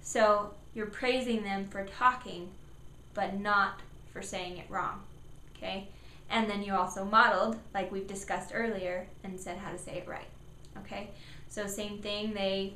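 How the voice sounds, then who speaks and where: A woman talks parents through speech practice in an upbeat, encouraging way and demonstrates the sounds herself. Her voice sits at an ordinary middle pitch. The room is echoey, with a faint hiss of noise behind her. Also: steady tone, a little slow, bright, forceful tone. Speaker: speech therapy tips presenter. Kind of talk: instructional talk to parents.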